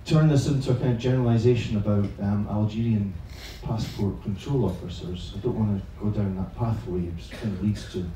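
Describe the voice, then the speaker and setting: A man's voice: lowish voice, fairly quick, few pauses, warm tone, slight background noise. Man telling a funny story in an echoey room. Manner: chatty, self-mocking, swears freely. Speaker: teacher trainer telling a story on stage. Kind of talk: live comic storytelling to an audience. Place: large echoing room at an evening event. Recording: very echoey room, voice far from the mic.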